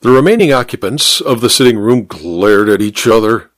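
A man narrating a story aloud, expressive and doing every character's voice. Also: fairly low pitch, normal speed, dry recording. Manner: expressive, reads all the voices. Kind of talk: scripted narration.

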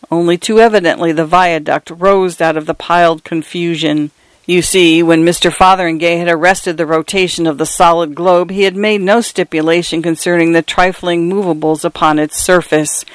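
High clear-voiced male storyteller. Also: fairly bright tone, no echo, rough recording. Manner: dramatic, measured, lingering on phrases. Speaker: narrator. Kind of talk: storybook narration.

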